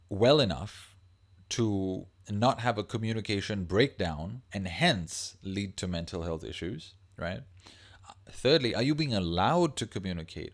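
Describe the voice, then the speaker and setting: A man hosting a livestream, talking casually and rambling, reading viewer comments aloud as he goes. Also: fairly low pitch. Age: adult parent of a young child. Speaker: livestream host.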